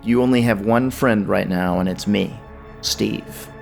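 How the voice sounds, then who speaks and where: A man voicing a calm, reassuring male defense lawyer who coaches his client in a measured, steady way. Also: lowish voice, vocal fry, over music.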